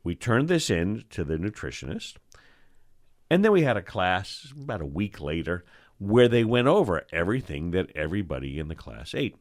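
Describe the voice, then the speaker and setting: Animated older man telling stories. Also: low-pitched, normal speed. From New York. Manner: animated storyteller, acts out voices. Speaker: host, eye doctor. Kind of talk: storytelling chat.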